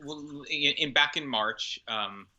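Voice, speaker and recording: A man's voice: on the high side, slow pace, bright, forceful tone, poor audio. An opera singer, a man, talking in an interview with enthusiasm, stacking up repeated words for emphasis. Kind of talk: conversational interview.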